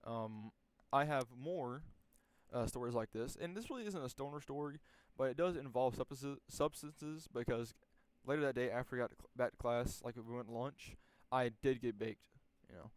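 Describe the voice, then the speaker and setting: Young male storyteller, laid-back and rambling, crude language, mid pitch, dry recording. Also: moderate pace, no echo. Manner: rambling, profane, many restarts and fillers. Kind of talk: casual storytelling.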